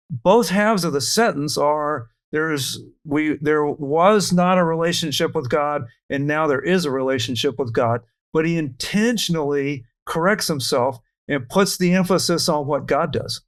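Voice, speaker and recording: A man leading a verse-by-verse Bible study, explaining scripture earnestly and reading verses aloud. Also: on the high side.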